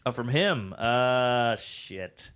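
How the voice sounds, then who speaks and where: Man, comedian guest, casual interview, animated storytelling, swears, acts out quotes. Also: mid-range voice, extremely slow, smooth.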